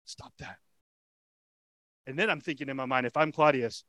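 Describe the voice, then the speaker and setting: A man's voice: medium pitch, normal speed, a bit bright, dry recording. A man preaching a sermon as pastor, telling the story with dramatic emphasis, rhetorical questions and repeated lines. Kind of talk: expository sermon.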